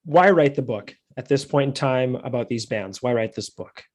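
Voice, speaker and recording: A man in his thirties hosting a podcast, chatting casually, laughing often and chiming in with quick affirmations. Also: medium pitch, animated. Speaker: podcast host.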